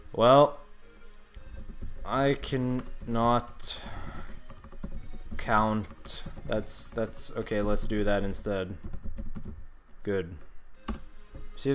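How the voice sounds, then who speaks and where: A young man giving comedic gameplay commentary in a mock-solemn, grandiose deadpan manner. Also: fairly low pitch, clean tone.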